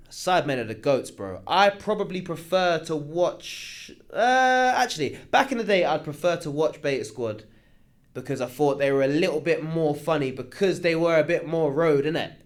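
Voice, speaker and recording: Young man, casual reaction commentary, reads out comments, slangy asides, slightly raised voice. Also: a little high. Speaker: commentary host.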